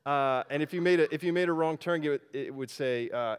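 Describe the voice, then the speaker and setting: A pastor telling a personal story in a casual, folksy sermon, with frequent fillers. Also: male voice, a little high, fairly quick, smooth.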